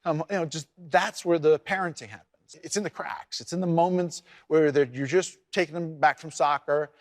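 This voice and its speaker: A man speaking candidly as an interview guest, halting and reflective, often restarting his sentences. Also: on the high side, steady tone, dry recording, studio quality.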